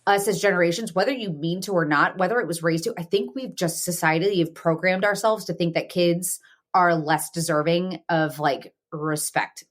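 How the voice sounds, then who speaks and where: A woman hosting a casual podcast chat, her voice sitting a little low. She talks frankly, swears freely and leans on "like" as a filler. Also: normal speed. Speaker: podcast host.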